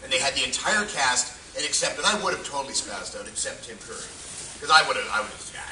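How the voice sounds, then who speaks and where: A man's voice: medium pitch, expressive, quick pace, pushed and bright, a little hiss or hum. A man who works as a voice actor and impressionist, telling a convention panel a self-mocking story. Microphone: phone in audience. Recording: echoey distant phone recording.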